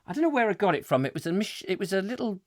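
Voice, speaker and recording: A middle-aged man hosting a comic live chat show, telling stories with lively acted-out voices. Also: high-pitched, racing, no echo, clean studio sound. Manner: lively storytelling, acting out voices with laughs. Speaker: host.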